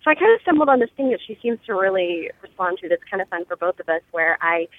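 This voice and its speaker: A woman calling in to share a parenting story, telling it in a lively, animated way. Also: medium pitch, narrow, tinny audio. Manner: animated storyteller, bursts into a fast singsong auctioneer patter. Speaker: caller. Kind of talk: phoned-in voice message.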